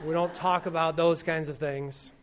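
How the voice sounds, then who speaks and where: A pastor giving an expository sermon, teaching in a conversational way with wry asides and slowing down to stress key phrases. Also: male voice, a little high, steady tone, slight background noise.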